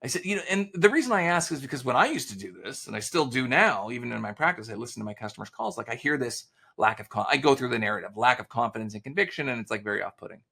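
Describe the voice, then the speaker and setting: Animated gravelly man explaining sales. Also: medium pitch, fast talker, few pauses. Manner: animated storyteller, acts out quoted dialogue. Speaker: sales author and consultant guest. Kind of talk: casual podcast interview.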